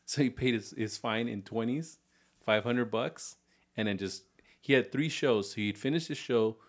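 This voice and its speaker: A man on a casual podcast telling a local history story, stringing it along in a relaxed, rambling way. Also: medium pitch, normal speed. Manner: relaxed, rambling retelling with restarts and "so". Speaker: podcast co-host.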